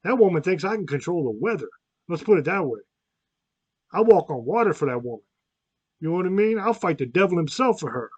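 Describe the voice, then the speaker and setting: A man's voice: on the high side, big pitch swings, a little fast, darkish tone, breathy edge, dry recording, highs cut off. Brief: fired-up podcast host, man, crude and blunt, dry close sound. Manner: blunt, swearing, worked up. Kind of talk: profane podcast monologue.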